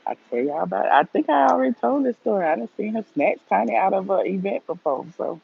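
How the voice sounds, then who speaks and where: A woman on a gossip livestream, talking straight to her viewers and answering their comments with blunt opinions. Her voice is gravelly and husky. The sound is thin and tinny, like a phone line. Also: medium pitch, animated, fast. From Atlanta, USA. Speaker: gossip vlogger answering live chat.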